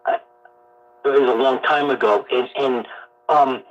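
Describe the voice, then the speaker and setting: A man's voice: mid-range voice, fairly even intonation, measured pace. A man calling into a radio show, rambling with hesitant fillers, heard through a muffled phone line. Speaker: caller.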